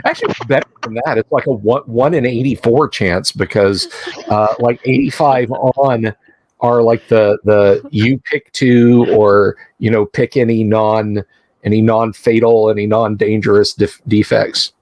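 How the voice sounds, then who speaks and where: Male stream host, somewhat low pitch, dry recording, rambling casual delivery with restarts. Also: steady tone, a little mellow, no echo. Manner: rambling, halting with many restarts. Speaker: game master and host. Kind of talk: casual livestream chat.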